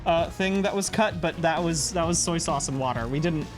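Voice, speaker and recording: A man's voice: fairly high pitch, fairly quick. A man co-hosting a casual gaming show, chatting playfully and laughing often. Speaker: co-host. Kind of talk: casual chat while gaming. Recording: music playing under the voice.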